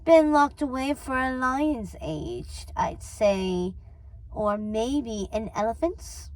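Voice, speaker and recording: A woman's voice: a little high, expressive, slow pace, no room sound, low-quality recording. A woman voicing a sly, menacing male lion with a lilting, melodic manner in a storybook read-aloud. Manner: lilting, melodic yet threatening, mocking.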